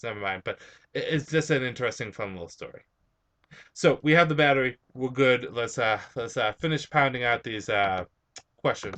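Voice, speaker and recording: A man's voice: medium pitch, fairly bright tone. A young man with a slight Spanish-influenced accent on some words, hosting a vlog and answering viewer questions in a rambling, hesitant way with many fillers. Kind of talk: casual chat.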